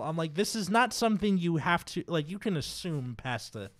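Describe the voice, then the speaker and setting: A man's voice: on the high side, lively intonation, moderate pace. A male comedian guesting on a podcast, telling stories in a dry, rambling way. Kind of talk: casual chat.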